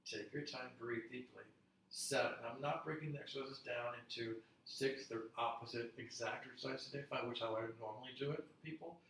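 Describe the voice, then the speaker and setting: A man leading a guided strength workout, counting reps calmly and encouraging the class. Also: medium pitch. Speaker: strength instructor. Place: home studio. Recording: echoey room, mic at a distance.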